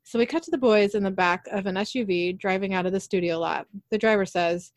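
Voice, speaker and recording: A woman's voice: medium pitch, moderate pace, dry recording, studio quality. A woman recapping a TV episode in casual talk, reading out the characters' lines in her own voice. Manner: animated retelling, quoting characters in her own voice. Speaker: podcast host recapping an episode.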